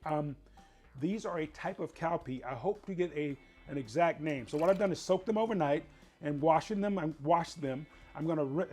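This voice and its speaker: A man's voice: fairly high pitch, darkish tone, slightly rough. A man hosting a casual home cooking show, chatting folksily as he explains each step in his kitchen.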